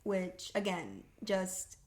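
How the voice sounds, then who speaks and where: A woman's voice: fairly low pitch, very animated, very slow, a little mellow, slight background noise. Young woman, podcast co-host, casual recap chat, laughs often. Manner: chatty, laughs often, acts out character lines.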